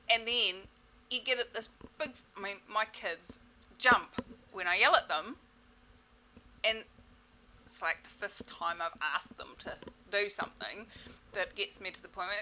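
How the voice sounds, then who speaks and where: A woman leading a self-help webinar in a playful, exclamatory way, repeating set clearing phrases. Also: medium pitch, moderate pace, sharp tone, a little hiss or hum, low-quality recording. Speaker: webinar facilitator.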